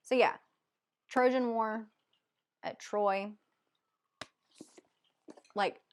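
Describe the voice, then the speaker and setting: A woman with a Southern US accent chatting casually as a book vlogger, rambling and hesitant with many ums. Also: on the low side. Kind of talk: casual chat.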